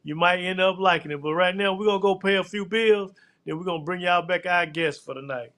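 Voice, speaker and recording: A man's voice: sits high, fairly bright tone. A man hosting a live show, chatting loosely and tossing in "man" and "look here" all the time. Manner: casual, drawn-out, repeats "man" and "look here". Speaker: host.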